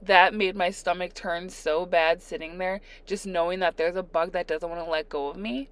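Woman, young adult, casual story time, animated, laughing, re-enacting. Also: lowish voice, moderate pace, smooth. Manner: animated, laughing, re-enacting her own panic. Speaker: storyteller, nail art vlogger. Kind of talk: casual story time while doing nails.

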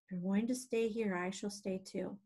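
A woman's voice: medium pitch, steady tone, moderate pace, mellow, slightly rough, natural voice, poor audio. A woman voicing a young male pig who is earnest, emotional and pleading, reading aloud from a storybook. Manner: pleading, fervent.

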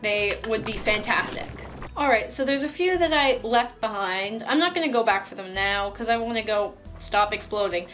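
A woman's voice: mid-range voice, animated, normal speed, fairly bright tone. Chatty young woman narrating a game. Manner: chatty, playful, self-mocking, talks to the game creatures. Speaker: gaming YouTuber. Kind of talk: casual let's-play commentary. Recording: game music playing behind the voice.

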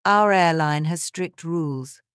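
A woman's voice: low-pitched, measured pace, fairly bright tone, clean tone, no room sound, studio quality. A woman reading the lines of a stern male head of security who speaks in a formal, curt way.

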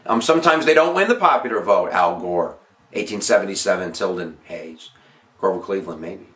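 A man's voice: low-pitched, lively intonation, brisk, fairly bright tone. Jokey male history teacher, echoey room. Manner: jokey, self-mocking, emphatic. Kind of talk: casual exam-review lesson.

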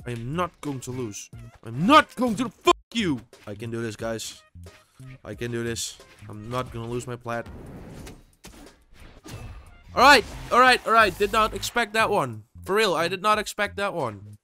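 A young man giving excitable gameplay commentary as host, swearing and bursting into sudden yells. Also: mid-range voice, normal speed, pauses often, soft background music. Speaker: gaming channel host.

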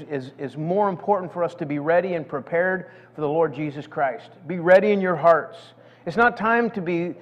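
A man's voice: high-pitched, darkish tone. A middle-aged man preaching a sermon in a folksy way, often repeating words as he builds up to a point. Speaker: pastor. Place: church sanctuary. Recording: dull sound with long church hall reverb.

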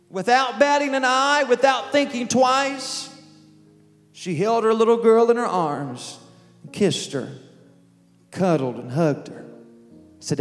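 Slow, high-voiced preaching man. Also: animated, long reverb tail. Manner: slow, emotional storytelling with quoted voices. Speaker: pastor. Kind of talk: sermon storytelling. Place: church sanctuary. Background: soft music.

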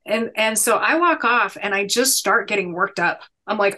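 Woman, thirties, bright clear tone, earnest and emphatic, motivational storytelling, podcast guest. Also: mid-range voice, normal speed, few pauses. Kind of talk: conversational storytelling.

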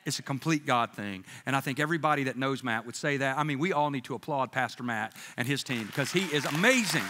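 A man's voice: mid-range voice, quick pace, some chatter behind. A man preaching a sermon as pastor, telling stories with jokey asides and voicing the people he quotes. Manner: animated storytelling, jokey asides, quoting others in voices. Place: church sanctuary. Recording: church sanctuary with long reverb.

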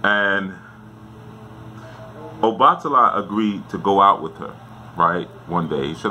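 Deep-voiced man telling a story casually. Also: a little slow, long pauses, bright, forceful tone, a little hiss or hum. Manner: conversational, often checks in with "right?". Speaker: spiritual teacher.

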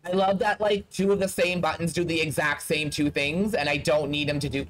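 Man, high-pitched, casual gaming commentary, blunt, talks straight to the characters. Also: fairly even intonation, brisk, hardly any pauses, fairly bright tone. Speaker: gaming streamer. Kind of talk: casual let's-play commentary.

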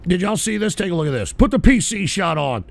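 A male talk show host ranting at his audience in a profane, combative way, often shouting. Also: high-pitched, sing-song, brisk, vocal fry. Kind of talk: live call-in talk show rant.

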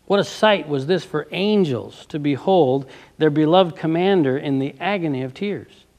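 A man with a fairly high, creaky voice preaches a sermon by reading from a book with commentary. He reads passages aloud, stopping to put fervent rhetorical questions to his listeners.

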